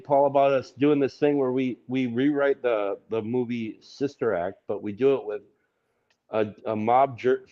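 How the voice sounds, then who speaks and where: A man's voice: fairly low pitch, darkish tone. A man co-hosting a livestream, chatting casually in a joking, rambling way. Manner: joking, rambling, laughs often. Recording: muffled lo-fi audio.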